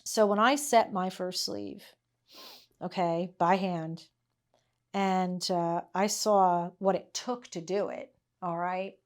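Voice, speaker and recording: A middle-aged woman talks her students through a tailoring lesson in her workshop at an unhurried pace. She speaks casually and chattily, laughing often and checking in with "okay?" and "all right?" as she goes. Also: fairly low pitch, fairly even intonation. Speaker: tailoring instructor. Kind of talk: casual teaching chat with anecdotes.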